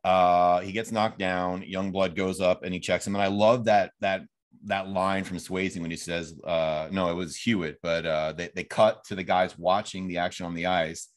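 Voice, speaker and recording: A man's voice: low voice, steady tone, normal speed. A man hosting a podcast, chatting casually about a film and retelling its scenes in a rambling way. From Phoenix, Arizona. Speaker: podcast host. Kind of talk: casual film review chat.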